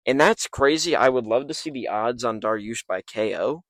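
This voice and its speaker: A man's voice: medium pitch, normal speed, fairly bright tone. A man with a mid-range voice talks fight picks in a hyped, profanity-laden ramble full of "um"s. He records late at night in a parking lot, and his failing mic gives a dry, close sound with no room echo. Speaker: MMA YouTuber. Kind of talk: casual fight predictions. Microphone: failing microphone.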